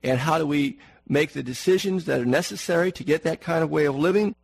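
A man's voice: on the high side, fairly quick, gravelly, slightly rough, rough recording. A man preaching a sermon in an earnest manner, repeating words for emphasis and asking the congregation questions.

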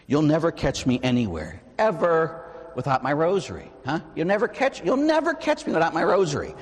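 A male Catholic priest giving a sermon, moving between soft prayerful passages and animated storytelling. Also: fairly high pitch, brisk, big-room sound. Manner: animated preaching, soft prayerful asides and acted-out quotes. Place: church.

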